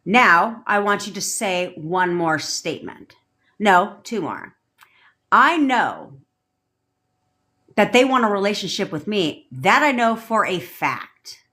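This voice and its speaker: A woman coach talking straight into her phone during a livestream, blunt and profane. She hammers her points home and repeats affirmations in a commanding tone, at an ordinary middle pitch. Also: animated, takes it slowly, bright, forceful tone. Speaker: manifestation coach.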